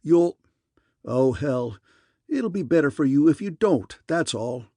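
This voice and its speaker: A man's voice: mid-range voice, moderate pace, mellow, husky, no room sound. A man voicing an angry older male admiral who scolds in a stern way. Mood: scolding.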